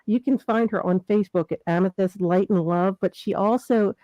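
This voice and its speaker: A woman's voice: mid-range voice, moderate pace, dark tone, no room sound, lo-fi sound. Gushing woman host, dry sound. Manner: gushing, reads out viewer comments. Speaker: show host. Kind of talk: casual chat.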